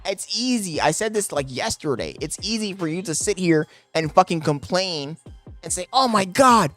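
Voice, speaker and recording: A man's voice: high voice, lively intonation, normal speed, faint music behind. A man streaming live, reacting to videos and making chatty, joking asides to his chat.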